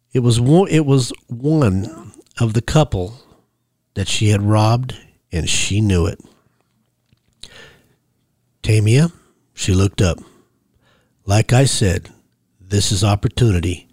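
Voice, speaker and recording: A man reading his own story in the first person, measured and commanding when he voices himself. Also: on the low side, a little mellow, no room sound, clean studio sound. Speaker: memoir narrator.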